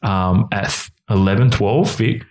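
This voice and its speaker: A very deep-voiced man in his thirties shares his own hard times as an interview guest. He talks earnestly and openly, with feeling behind it. He often slips into the voices of the people in his story. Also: measured pace, darkish tone. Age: 30s. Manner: earnest, emotional, quotes others in his stories. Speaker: youth worker and guest. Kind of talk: candid personal storytelling.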